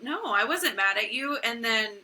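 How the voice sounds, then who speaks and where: Bright-voiced chatty young woman. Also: a little high, lively intonation, normal speed. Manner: chatty, storytelling, acts out quotes. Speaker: podcast co-host. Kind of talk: casual chat.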